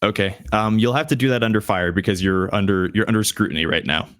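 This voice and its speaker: A man narrating a tabletop game as game master, halting and restarting often. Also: on the low side, a bit bright, dry recording. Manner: halting, with frequent restarts and fillers.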